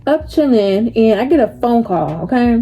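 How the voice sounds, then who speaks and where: A woman's voice: fairly high pitch, expressive, normal speed, mellow, dull audio. A young woman telling a story casually while doing her makeup, chatty and slangy, laughing often. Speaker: vlogger.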